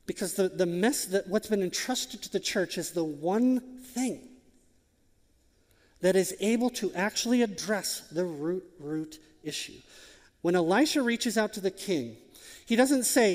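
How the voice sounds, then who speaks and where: Man preaching, high voice, emphatic, rhetorical questions, long hall reverb. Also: expressive, a little slow, darkish tone. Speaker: pastor. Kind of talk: sermon.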